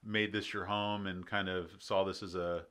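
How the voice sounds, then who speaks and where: A man hosting a podcast interview in a relaxed way, hedging often and trailing off softly at the ends of thoughts. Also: sits low, normal speed, smooth. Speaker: podcast host. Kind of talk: casual interview chat.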